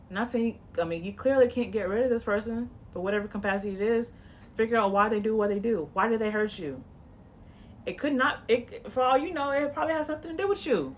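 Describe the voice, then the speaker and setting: A woman's voice: fairly high pitch, a little hiss or hum. A woman giving a casual tarot reading in a blunt, profane, coaching tone, rambling with frequent "you know"s and restarts. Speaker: tarot reader.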